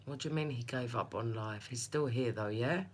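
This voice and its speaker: Her voice is very deep, her speed normal, with a little background noise. She's a tarot reader on a live stream who chats, laughs, tells stories and calls out viewers by name.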